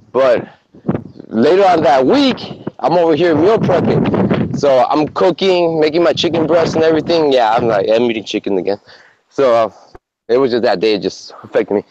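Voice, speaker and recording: A man on a podcast telling stories in casual chat, animated and swearing a lot. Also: medium pitch. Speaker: podcast co-host. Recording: muffled lo-fi recording with faint noise.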